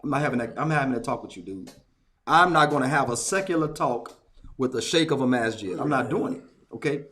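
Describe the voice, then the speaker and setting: A man's voice: medium pitch, a little fast. A man on a casual group talk show, telling a story with lots of repetition for emphasis. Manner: animated storyteller, repeats phrases for emphasis.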